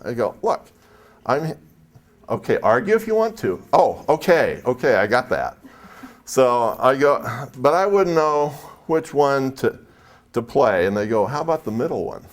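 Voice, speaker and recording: A man's voice: mid-range voice, very animated, a little slow. A man from San Jose, California, telling a chatty, anecdotal story to a live audience as a speaker at a spiritual expo, acting out the dialogue.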